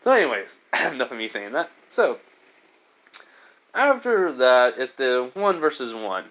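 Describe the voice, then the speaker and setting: A man's voice: mid-range voice, sing-song, a little slow, a bit bright. A man retells a fan story in a loose, casual way. He rambles, stops and restarts, and laughs often along the way.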